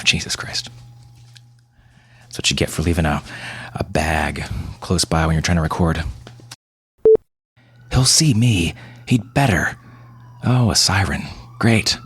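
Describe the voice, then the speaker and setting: A very deep-voiced man muttering in exasperation during a recording session, slow and very rough in tone. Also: lively intonation, fairly bright tone. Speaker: voice actor.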